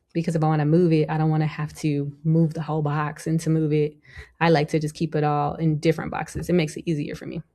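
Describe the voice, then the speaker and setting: Woman tutorial host, low voice with fry, casual step-by-step talk, chatty. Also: warm tone. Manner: chatty, talks through each step with many "you know" and "like". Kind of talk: casual screen-recorded software tutorial.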